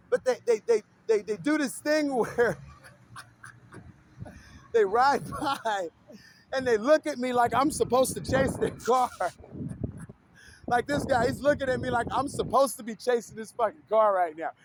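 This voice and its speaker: A man's voice: very high-pitched, slight background noise. A man talking in a casual, rambling vlog monologue, swearing freely and often breaking into laughter.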